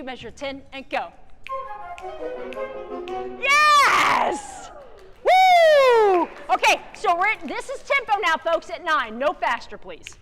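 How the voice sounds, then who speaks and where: A high, animated woman's voice leads a band rehearsal, bouncing up and down as she sings rhythms and counts the players in. She sounds energetic and hands-on. The sound carries the long reverb of a large hall, with band music faint behind her. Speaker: band conductor clinician. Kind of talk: rehearsal coaching.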